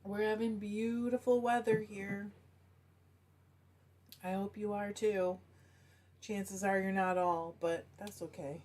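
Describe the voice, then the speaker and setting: A woman's voice: mid-range voice, flat delivery, takes it slowly, pauses often, darkish tone. A middle-aged woman hosting a casual live stream, chatting and greeting viewers by name as she reads their comments.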